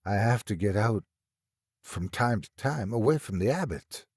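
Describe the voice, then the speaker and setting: A man's voice: lowish voice, lively intonation, normal speed, darkish tone, slightly rough, dry recording, studio quality. A man voicing a frightened, insistent young woman with a German accent in an audiobook. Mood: anxious. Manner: agitated, urgent.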